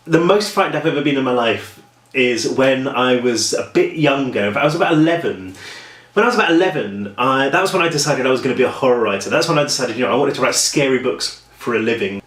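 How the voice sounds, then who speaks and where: A chatty man with a British accent talks to camera in a relaxed, self-deprecating way. He rambles a little as he tells a story. The room around him is echoey. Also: mid-range voice. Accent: British English. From England. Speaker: author vlogging. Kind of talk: casual vlog chat and storytelling.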